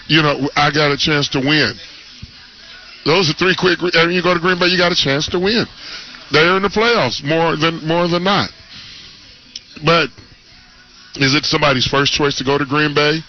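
A man who played pro football, co-hosting a casual sports radio show and making his points in a relaxed, drawn-out way. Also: on the high side. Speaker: former NFL player, co-host. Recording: dull radio broadcast sound.

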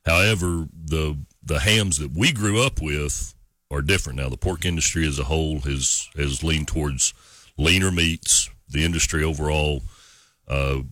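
A man in the wine business, a guest on a morning radio show, explaining wine pairings in a measured way. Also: extremely low pitch, a bit bright, dry recording, clean studio sound. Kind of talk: casual radio chat.

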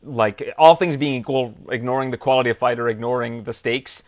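A man hosting a sports podcast, chatting casually and quickly, laughing often. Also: mid-range voice, fairly even intonation, no room sound. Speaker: podcast host.

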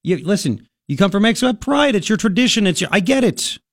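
Animated opinionated male radio host. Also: sits high, quick pace, no echo, clean studio sound. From Long Island, New York. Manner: animated, opinionated, rhetorical questions. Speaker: radio talk show host. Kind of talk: talk radio monologue. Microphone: studio microphone.

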